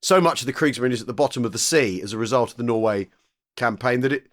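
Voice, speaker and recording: A man co-hosting a podcast, laying out a point at length and then nudging the talk back on course. His pitch sits in a middle range, and he speaks in a relaxed, conversational way. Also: fast. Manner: explanatory, steers the chat. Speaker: podcast co-host.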